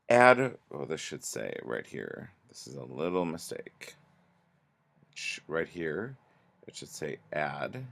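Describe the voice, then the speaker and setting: A man teaching a grammar lesson, explaining slowly and patiently with pauses and restarts. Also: low voice, gravelly.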